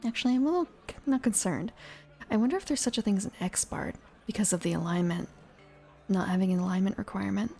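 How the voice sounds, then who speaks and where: A woman softly reading game rules aloud in an ASMR whisper, musing to herself between passages. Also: medium pitch, lively intonation, brisk. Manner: soft, musing asides between rule text. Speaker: ASMR reader. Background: faint ambient music.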